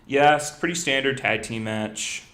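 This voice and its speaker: A man co-hosting a podcast, recapping wrestling in casual chat, chatty and quick to laugh. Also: medium pitch, bright, forceful tone. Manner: chatty, laughs often, breaks into quoted voices. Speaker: podcast co-host. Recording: echoey room.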